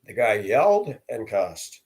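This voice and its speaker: A middle-aged man from Denver telling personal stories in a casual monologue, acting out the quoted voices and getting loud in the tense parts. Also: lowish voice, sing-song, unhurried. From from Denver area. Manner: acts out quoted voices, rising loud for confrontations.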